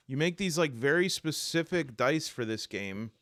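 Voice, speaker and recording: Animated man unboxing games. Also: on the high side, normal speed, no echo, studio quality. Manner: animated, exasperated, rambling with restarts. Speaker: tabletop game reviewer. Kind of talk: casual unboxing vlog.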